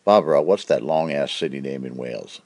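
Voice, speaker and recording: On his cartoon comedy show, a man with a rumbling low, darkish voice tells jokes fairly quickly and with lively intonation. The delivery is brash and punchy, full of put-on voices.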